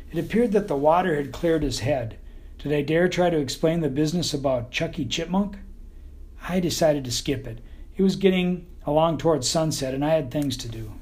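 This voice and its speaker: A man's voice: fairly high pitch, darkish tone. Folksy Texan man narrating a storybook. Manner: folksy, dry storytelling drawl. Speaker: audiobook narrator. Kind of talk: first-person storybook narration.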